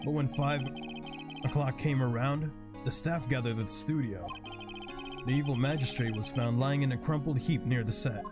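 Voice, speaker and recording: A man voicing a big, timid, gentle male TV actor who speaks hesitantly and apologetically, with music playing behind. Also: medium pitch, normal speed, lightly acted. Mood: recounting.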